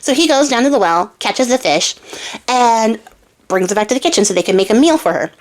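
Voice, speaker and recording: Woman, young adult, casual fairy-tale retelling, irreverent, swears, slightly high voice. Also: lively intonation. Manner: irreverent, swears, slips into quick character voices. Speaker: storyteller and crafter.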